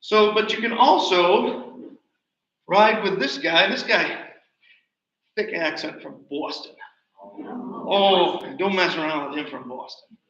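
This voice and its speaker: High, bright man telling a birding story. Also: slow, pauses often. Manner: chatty, animated storyteller. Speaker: presenter. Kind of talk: slide show talk. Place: nature center hall. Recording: roomy, distant, dull livestream audio.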